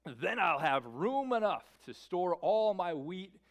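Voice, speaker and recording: A man's voice: high-pitched, slow pace, heavily acted. A man putting on a giddy, smug rich farmer. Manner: excited, self-satisfied. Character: boastful rich farmer man talking to himself.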